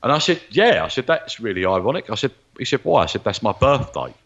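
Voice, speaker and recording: A man's voice: medium pitch, big pitch swings, fast, a bit bright, dull audio. A man, a guest psychic medium, telling stories animatedly and acting out the voices of the people he quotes. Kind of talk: storytelling interview chat.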